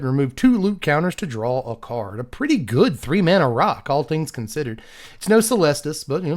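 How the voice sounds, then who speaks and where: A young man casually reviewing game cards one after another, thinking aloud and handing out quick number ratings. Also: mid-range voice.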